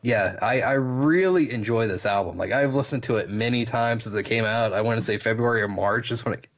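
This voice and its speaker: A man's voice: medium pitch, brisk. Guy on a podcast gushing about albums, kinda rambly, audio a bit muffled. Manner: enthusiastic, rambling, with frequent restarts. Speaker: podcast co-host. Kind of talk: casual chat reviewing albums.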